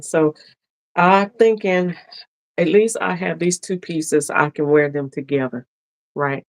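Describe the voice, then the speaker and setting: Talking straight to her viewers, this sewing live-streamer is chatty and laughs along with them. She speaks in a low-pitched voice, slowly, with long pauses, and there's no room sound.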